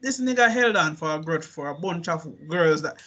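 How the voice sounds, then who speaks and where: Male co-host, husky, animated slang-heavy rant, bright edge. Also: fairly high pitch, normal speed, lo-fi sound. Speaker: podcast co-host. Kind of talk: casual chat.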